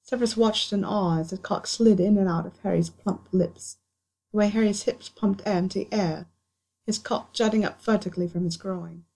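Audiobook narrator: woman, mid-pitched, breathy and soft, steady reading. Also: normal speed. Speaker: audiobook reader. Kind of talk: scripted narration.

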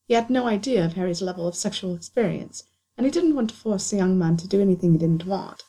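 A woman reading a story aloud in calm, even narration. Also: mid-range voice, fast talker. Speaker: audiobook reader. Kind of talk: scripted narration.

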